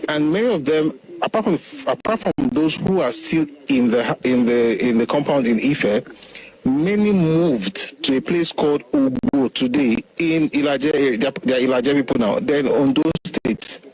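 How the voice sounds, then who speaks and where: A man's voice: mid-range voice, expressive, moderate pace, a little mellow, rough recording. A man from Ife with a Nigerian Yoruba accent, giving a heated, indignant monologue with combative repetition. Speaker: commentator.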